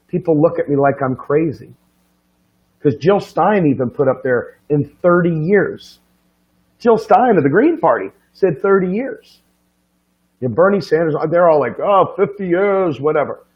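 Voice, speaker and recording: A fired-up man preaches his point in a fervent, profane monologue, firing off rhetorical questions. His voice sits fairly high and leaps upward when he presses hardest. The recording is muffled and lo-fi. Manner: swings from low and quiet to high and loud. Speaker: political commentator. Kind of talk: impassioned monologue.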